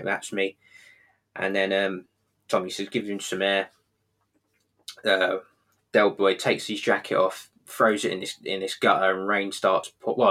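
A man with a fairly low voice talks through a television episode in a loose, rambling way. He stumbles and fills gaps with ums and uhs as he goes, keeping it casual. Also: a bit bright. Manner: rambling, halting, lots of fillers.

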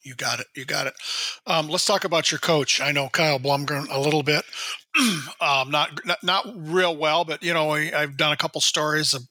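A man's voice: a little high, fairly even intonation, normal speed, pushed and bright, no room sound. A man hosting an interview, asking questions in a friendly, encouraging, loose way. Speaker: interview host. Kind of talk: conversational interviewing.

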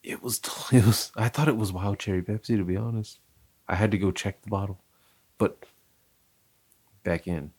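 Deep-voiced young man, loose chatter. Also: normal speed, pauses often, a little mellow, husky. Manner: loose, chatty, apologetic when he rambles. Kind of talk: casual chat.

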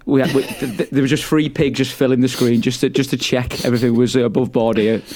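A man's voice: medium pitch, steady tone, fast, a little mellow, a little hiss or hum. A man co-hosting a podcast, recapping a wrestling show in a chatty way, laughing often and repeating his words. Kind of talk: casual chat, play-by-play recap.

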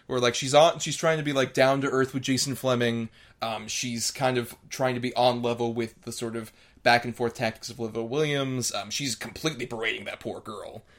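A man's voice: medium pitch, steady tone, fairly quick, hardly any pauses, a bit bright. A man co-hosting a casual film podcast, talking thoughtfully and analytically with plenty of filler words. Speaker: podcast co-host.

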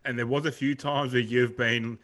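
A man's voice: medium pitch, fairly even intonation, normal speed, fairly bright tone. A man with an Australian accent co-hosting a podcast, chatting in a rambling, laid-back way and calling his co-host mate. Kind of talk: casual chat.

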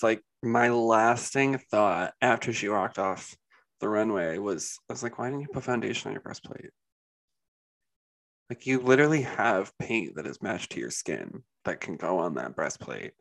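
A man's voice: fairly low pitch, lively intonation, unhurried. A man co-hosting a casual podcast, rambling with lots of fillers and giving blunt opinions. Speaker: podcast co-host. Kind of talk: casual chat.

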